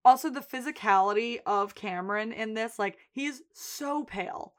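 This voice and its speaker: A woman's voice: a little high, moderate pace. A woman co-hosting a podcast, recapping a TV episode in casual chat and acting out characters' lines. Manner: animated recapping, acting out quotes. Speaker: podcast co-host.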